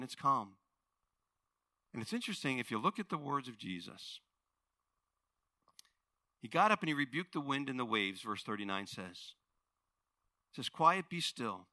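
A male pastor preaching a sermon, telling a story with animated voices and swinging from hushed to loud. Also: high-pitched, no echo.

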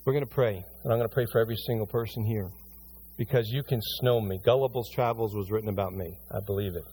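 Emphatic middle-aged pastor preaching. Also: male voice, on the low side, fairly even intonation, fast talker, slight background noise. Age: middle-aged or older. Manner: emphatic, preaching in rising bursts then hushed pleading. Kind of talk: sermon with closing prayer. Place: church sanctuary before a congregation.

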